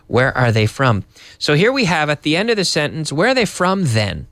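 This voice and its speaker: Lively male English teacher, dry sound. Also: fairly high pitch, moderate pace, dry recording. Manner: lively, repeats words to drill pronunciation. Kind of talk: live online English lesson.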